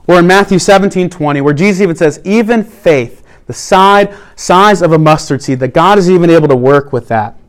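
A man preaching a sermon in an earnest way, slowing down to stress key points. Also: sits high. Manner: earnest preaching, slows down for emphasis. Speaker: pastor.

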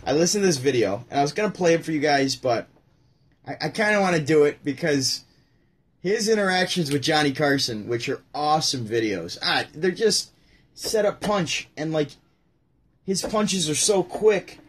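A man hosts his own casual show, rambling about comedy with lots of restarts and side remarks. His voice is a bit high and husky. He talks loosely and informally, like a home recording. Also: animated, normal speed. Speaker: show host. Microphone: home setup near a window.

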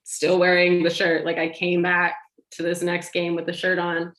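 A woman telling a long personal anecdote in casual chat, animated, laughing and acting out what others said. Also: lowish voice, moderate pace. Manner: animated, laughing, acts out quoted lines. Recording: roomy echo.

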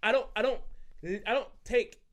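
A man's voice: extremely high pitch, fairly even intonation, normal speed, a bit bright. A young man, arguing hard in a group debate, full of street slang, cutting in and repeating himself. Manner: interrupts, repeats phrases, London street slang. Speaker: podcast panelist.

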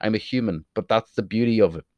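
A man's voice: fairly low pitch, fast talker, dry recording, muffled recording. Blunt Irish man ranting to camera. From Ireland. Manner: blunt, opinionated, swears freely. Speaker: video creator. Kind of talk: casual to-camera monologue.

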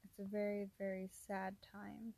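A young woman hosting a casual solo podcast, rambling softly, laughing often and sometimes dropping to a whisper. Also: medium pitch, level tone, moderate pace, creaky, dry recording. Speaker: podcast host.

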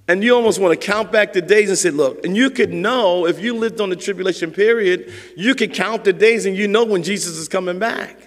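A man's voice: sits high, animated, brisk, few pauses, fairly bright tone. A man preaching a sermon as pastor, in an emphatic, conversational way, acting out the quotes he reads. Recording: long reverb of a large hall.

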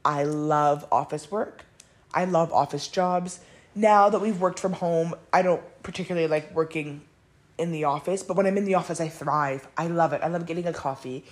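A woman's voice: low voice, moderate pace. A woman hosting a podcast, talking candidly and bluntly in a casual monologue, swearing freely and often laughing. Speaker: podcast host.

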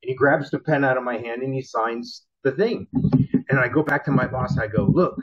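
A man casually telling a wild story from his car-selling days, animated and profane, acting out the people in it. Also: mid-range voice, a little fast, husky. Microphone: laptop built-in mic. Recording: dull lo-fi laptop mic.

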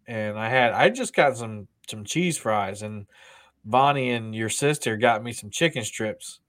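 A man telling stories in a relaxed podcast chat, his pitch sitting in an ordinary middle range. He rambles, restarts his sentences and laughs often. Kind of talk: casual chat.

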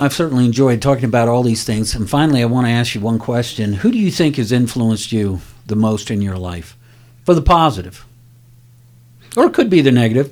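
A man's voice: mid-range voice, a little mellow. A male podcast host with a mid-range voice speaks in a reflective, affirming way. He takes up his guest's point and then asks him questions in a plain conversational tone. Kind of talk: interview conversation.

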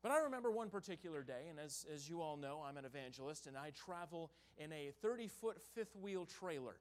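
A man who is a traveling evangelist, preaching a sermon in a church in a folksy storytelling way, with loud bursts and hushed stretches. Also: on the high side, lively intonation, a little fast. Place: church sanctuary.

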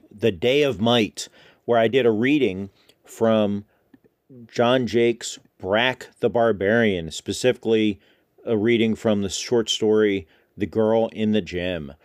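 A man hosting a podcast, talking casually and rambling a little, with frequent restarts. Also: mid-range voice. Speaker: podcast host.

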